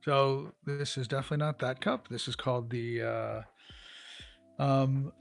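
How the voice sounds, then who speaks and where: Male co-host, gravelly voice, halting delivery full of fillers, faint music bed. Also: medium pitch, steady tone. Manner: halting, many fillers and restarts. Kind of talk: casual game news chat.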